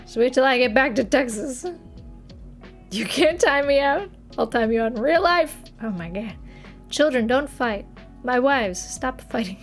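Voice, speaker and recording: A young woman with a northern US accent chats on a livestream, her fairly high voice bright with giggles as she banters with viewers. She talks into a desk mic with faint music underneath. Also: expressive, measured pace. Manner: chatty, giggly, answers viewer chat playfully. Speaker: streamer. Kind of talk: casual livestream chat. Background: faint background music.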